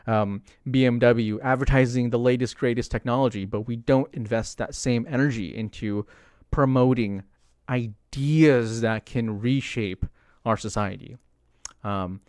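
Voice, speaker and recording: A young man talks through his thoughts in a loose, rambling livestream chat, full of "like" and "you know" and sudden animated asides. His voice sits at a middle pitch. The sound is dry and close, with no room echo. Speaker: streamer commenting on politics. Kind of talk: casual livestream commentary.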